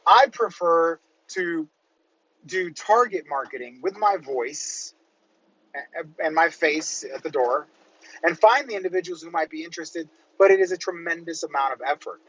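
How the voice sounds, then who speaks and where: Middle-aged man, real estate coach, rambling casual monologue, slightly high voice, dull lo-fi recording. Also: expressive, moderate pace, a bit bright, husky. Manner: rambling, conversational, peppered with "right?".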